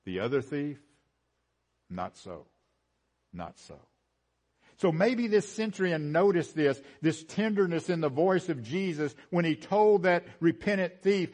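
A man preaching a sermon, swinging from rising, emphatic build-ups to hushed low lines and repeating phrases for emphasis. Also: big pitch swings, measured pace.

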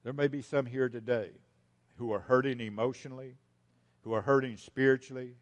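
A male pastor delivering a sermon at a middle pitch. He repeats his key lines for emphasis and speaks straight to the congregation as folks, swinging from loud to hushed. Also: steady tone, fairly quick.

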